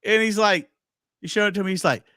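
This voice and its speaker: A man's voice: high-pitched, brisk, bright, forceful tone, no room sound, clean studio sound. A man hosting a podcast, chatting casually and telling anecdotes with lots of quoted dialogue. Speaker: podcast host. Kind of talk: casual chat storytelling.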